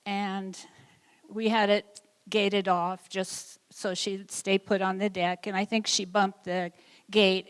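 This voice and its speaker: Slow-talking woman in a reverberant hall. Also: medium pitch, clear, resonant tone. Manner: slow, amused anecdote-telling. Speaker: puppy raiser. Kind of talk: storytelling speech.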